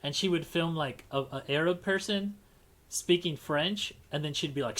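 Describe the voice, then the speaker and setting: Guy hosting a chat stream, kinda high voice, rambles and restarts a lot. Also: moderate pace, a bit bright. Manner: rambling, frequent restarts and fillers. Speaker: podcast host. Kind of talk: casual livestream chat.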